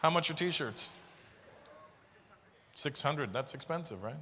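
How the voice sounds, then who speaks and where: A man's voice: a little high, lively intonation, slow pace, bright, forceful tone, a little hiss or hum. A man in his fifties doing a stand-up routine with crowd work, profane and mocking, acting out other people's voices. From Canada. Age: 50s. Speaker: stand-up comedian. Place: live venue with audience. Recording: long hall reverb from stage.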